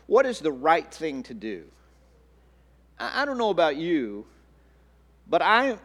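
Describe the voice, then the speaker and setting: A man's voice: fairly high pitch, a bit bright. Earnest male pastor in a reverberant hall. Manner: earnest, repeats words, restarts phrases. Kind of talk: sermon. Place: church sanctuary.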